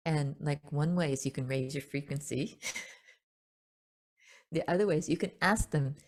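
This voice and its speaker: Female spiritual teacher, low relaxed voice, chatty and gently amused, loose unscripted delivery. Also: unhurried, pauses often. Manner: gentle, chatty, laughs often, many fillers and restarts. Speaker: spiritual teacher hosting a webinar. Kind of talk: casual spoken teaching.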